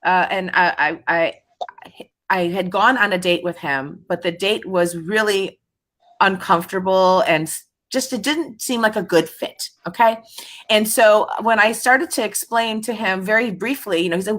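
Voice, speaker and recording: A woman's voice: medium pitch, normal speed, fairly bright tone. A woman hosting a casual panel chat, speaking reflectively with frequent restarts and easy laughter. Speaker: host.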